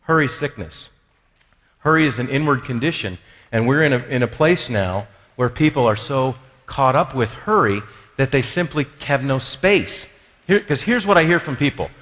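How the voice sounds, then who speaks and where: A man's voice: medium pitch, expressive, moderate pace, fairly bright tone. A man giving a conversational teaching talk on spiritual life, joking at his own expense and acting out the voices of people he quotes. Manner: conversational, acts out quoted voices, self-deprecating jokes. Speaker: speaker on spiritual formation. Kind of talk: lively teaching talk with humor. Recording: long reverb of a large hall.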